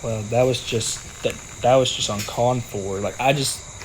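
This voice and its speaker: A man's voice: medium pitch, steady tone, moderate pace, background noise. A young man giving casual, playful commentary over a video game and joking with the characters on screen. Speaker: gaming video creator.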